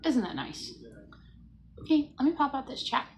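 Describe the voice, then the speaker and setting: A woman's voice: high-pitched, huge pitch swings, normal speed, darkish tone, a little hiss or hum, low-quality recording. Chatty woman hosting a morning livestream. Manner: chatty and playful, greeting viewers by name. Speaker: livestream host. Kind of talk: casual morning livestream chat.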